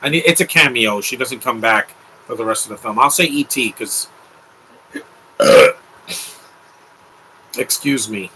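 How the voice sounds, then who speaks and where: A man's voice: mid-range voice, unhurried, long pauses, pushed and bright, a little hiss or hum, rough recording. A young man hosting a live movie commentary, talking in an offhand, rambling way with opinionated asides.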